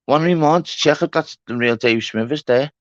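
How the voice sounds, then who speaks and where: A man's voice: fairly high pitch, moderate pace, no echo. A man hosting a casual livestream chat, blunt, swearing and repeating himself. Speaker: livestream host. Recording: dull lo-fi stream audio.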